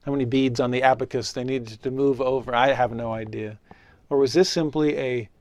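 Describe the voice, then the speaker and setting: A middle-aged man delivers a sermon in a conversational, storytelling way. He is earnest, and his voice often sinks softly at the ends of phrases. The recording is close and dry, with no room sound. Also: medium pitch, moderate pace, no echo. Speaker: preacher and religious teacher.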